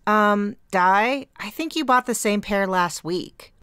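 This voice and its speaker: A woman's voice: mid-range voice, slow, sharp tone, smooth, no echo, voice pushed up. A woman voicing a young woman roommate who talks in a dry, teasing way.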